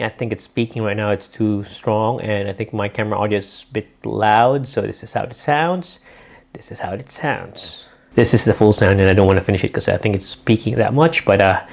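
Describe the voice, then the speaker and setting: With a low, gravelly voice, a man from the Philippines speaking with a Bisaya accent casually tests microphones for his vlog. He rambles without a script, using lots of fillers, in an echoey indoor room where the mic keeps changing.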